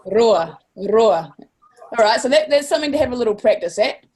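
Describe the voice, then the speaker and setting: A woman's voice: a little high, lively intonation, normal speed, a little mellow, husky. A woman with a New Zealand accent teaching a class, upbeat and encouraging, stretching words out to model sounds. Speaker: language teacher.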